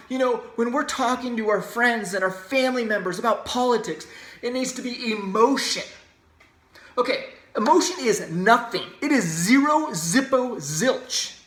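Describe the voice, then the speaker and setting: A man's voice: sits high, a bit bright. Emphatic man ranting in a roomy echo. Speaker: podcast host. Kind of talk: solo opinion podcast monologue.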